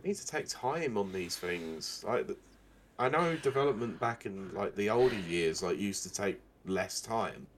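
A man's voice: on the low side, expressive, moderate pace, slight background noise. Sarcastic young man reading gaming news. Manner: sarcastic, reads news quotes and riffs on them. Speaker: podcast co-host. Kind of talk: casual gaming news chat.

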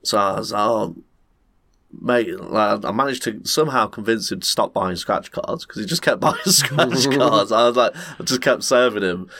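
A man co-hosting a podcast, telling a story in casual chat and acting out people in shrieking high voices. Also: moderate pace, creaky, no echo. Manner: animated, swears a lot, acts out other people with shrieking high voices. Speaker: podcast co-host.

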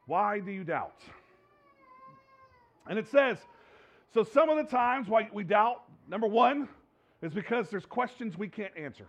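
A man's voice: sits high, animated, unhurried, long pauses, lo-fi sound. A man preaching a sermon to his congregation in a conversational way, often repeating and restarting his words. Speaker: pastor. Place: church sanctuary with congregation.

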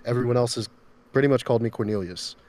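A man's voice: mid-range voice, quick pace, darkish tone. A man, a voice actor, chatting casually and laughing often over a video call. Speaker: voice actor guest. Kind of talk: casual chat.

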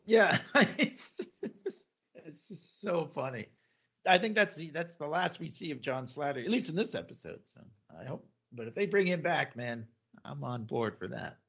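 A man's voice: on the high side, moderate pace, vocal fry, husky, dull audio. A man co-hosting a podcast, casually recapping a TV episode, acting out quotes and laughing often. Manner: animated retelling, acts out quotes, laughs often. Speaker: podcast co-host.

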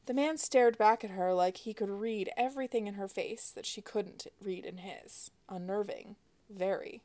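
A woman, the author, narrating her space adventure novel aloud in a wry, expressive way. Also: mid-range voice, moderate pace. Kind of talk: audiobook narration.

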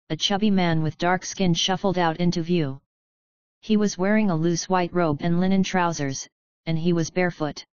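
A woman narrating a book chapter in a calm, measured storytelling manner. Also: lowish voice, clear, resonant tone, no room sound, lo-fi sound. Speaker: audiobook narrator. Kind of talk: scripted narration.

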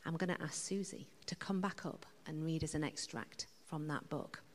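A woman's voice: low voice, moderate pace, in a whisper. A British woman preaching a sermon in church, earnest and conversational with frequent fillers. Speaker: guest preacher. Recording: long church reverb.

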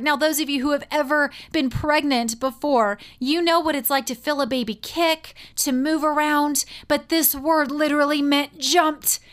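A woman's voice: high voice, a bit bright. A woman teaching a sermon, telling a Bible story expressively and reading scripture aloud.

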